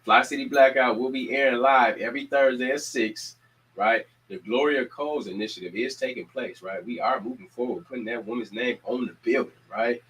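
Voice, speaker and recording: Energetic man rallying his community. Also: medium pitch, fairly quick, poor audio. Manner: preacher-like repetition, energetic calls to action. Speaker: community organizer and show host. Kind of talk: casual community announcements.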